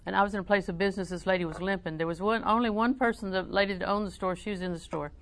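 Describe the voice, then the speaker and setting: Gravelly woman preaching. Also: mid-range voice, fairly even intonation, racing. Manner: conversational, humorous, swings between soft asides and loud emphatic preaching. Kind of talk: folksy sermon with personal stories.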